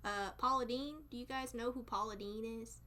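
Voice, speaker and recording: A young woman from North Carolina with a Southern accent, chatting casually with her stream viewers, excitable and laughing often. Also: a little high, moderate pace.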